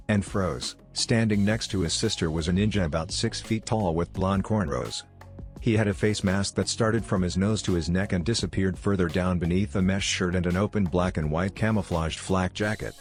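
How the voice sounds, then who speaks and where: A man narrating a fan fiction story in a steady, even reading. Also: sits low, normal speed, soft background music.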